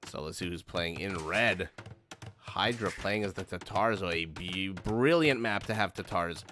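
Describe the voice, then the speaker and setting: A game caster gives live play-by-play on a strategy game match, talking directly to his viewers through a streaming microphone. His deep voice is sharp-toned and unhurried, in a noisy live stream recording.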